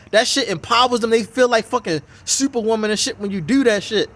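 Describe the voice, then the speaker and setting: A man's voice: high voice, fast, few pauses, a bit bright. A man giving a heated, swearing, mocking reaction commentary on a video. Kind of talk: profane ranting reaction commentary.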